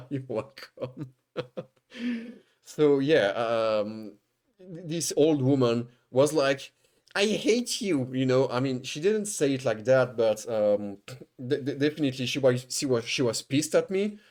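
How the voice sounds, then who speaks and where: A man's voice: mid-range voice, slow pace. Rambling man telling a story. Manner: rambling, restarting, swearing, animated retelling. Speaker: streamer. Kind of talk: casual storytelling on stream.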